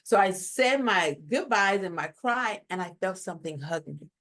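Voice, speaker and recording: Woman guest, mid-pitched, lively personal storytelling. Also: normal speed. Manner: lively, tag questions like "right?". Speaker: guest telling her near-death story.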